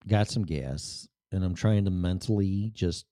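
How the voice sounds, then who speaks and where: A man's voice: sits low, measured pace, mellow, no echo, studio quality. A man hosting a show, telling a personal story bluntly, full of profanity.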